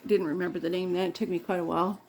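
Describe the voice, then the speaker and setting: A woman vlogger talks in a loose, meandering way, stopping to correct herself and laugh as she does her makeup. Her voice has a gravelly, fry-laden texture. A faint background hiss sits under the recording. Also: fairly low pitch, little pitch movement, racing, a little mellow. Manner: chatty and meandering, with frequent laughs and self-corrections. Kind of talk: casual rambling chat while doing makeup.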